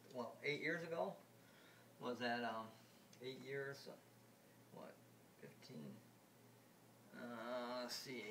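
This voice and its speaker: A man making a casual home video about video games, talking in a halting, repetitive way with many restarts. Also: mid-range voice, a bit bright, slight background noise. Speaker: video game vlogger. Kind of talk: rambling home video chat.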